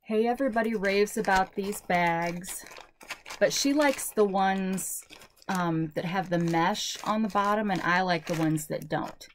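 A woman's voice: medium pitch, a little slow, a little hiss or hum. A woman vlogger chatting casually through a product haul, rambling and thinking aloud with lots of fillers. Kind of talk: casual product review chat.

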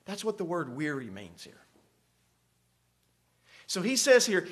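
A male pastor preaching a sermon into a close microphone, moving between quiet asides and dramatic shouted passages. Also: sits high, huge pitch swings, measured pace, long pauses, slightly rough. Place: church sanctuary.

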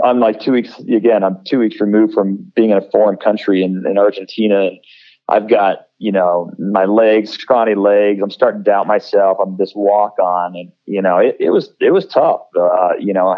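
A man's voice: low voice, lo-fi sound. A man in his thirties, a former college football player, telling stories in an interview, with many restarts and fillers. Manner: halting, many restarts and fillers, lively when quoting others. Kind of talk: conversational interview storytelling.

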